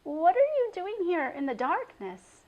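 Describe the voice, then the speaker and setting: A woman voicing a gentle, caring aunt who asks a question softly. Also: extremely high pitch, sing-song, a little slow, muffled recording, voice pushed up, heavily acted.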